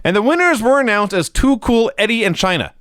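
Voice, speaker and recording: A man's voice: high-pitched, expressive, a little fast, fairly bright tone, no room sound. A man co-hosting a casual chat, agreeing with his partner and reading out recap notes. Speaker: podcast co-host.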